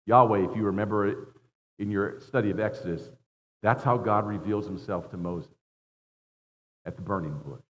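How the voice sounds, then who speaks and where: A man preaching a sermon as a guest preacher, earnest, dropping his voice low and rising for emphasis, often repeating words as he builds a point. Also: moderate pace, pauses often. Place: church sanctuary. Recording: dull sound in a long-reverb hall.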